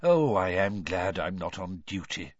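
A man's voice: medium pitch, big pitch swings, moderate pace, breathy edge, no room sound, exaggerated voice. A man voicing a fretful wizard father. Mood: sleepy. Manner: sleepy muttering, then urgent shouting. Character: fretful middle-aged male wizard father. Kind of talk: audiobook character voice. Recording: dry, slightly dull studio audio.

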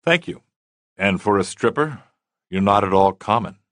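A man voicing a defensive middle-aged aristocrat in a story, quick and lightly pompous. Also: lowish voice, lively intonation, fairly bright tone, dry recording, clean studio sound.

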